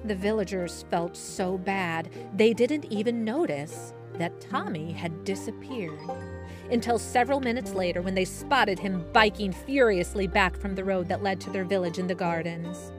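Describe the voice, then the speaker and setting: A woman narrating a children's story in a slow, expressive manner. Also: medium pitch. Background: soft soundtrack music.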